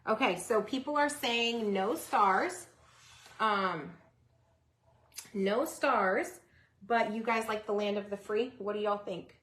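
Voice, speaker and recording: A woman hosting a live DIY craft stream, chatting with viewers, greeting them by name, and breaking into excited yelling. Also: medium pitch, takes it slowly.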